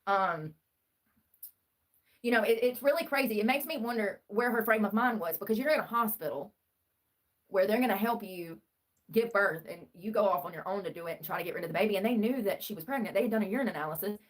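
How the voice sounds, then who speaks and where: Talking quickly in a mid-range voice, a woman livestreams true-crime commentary. She rambles with sarcasm while reading news stories aloud.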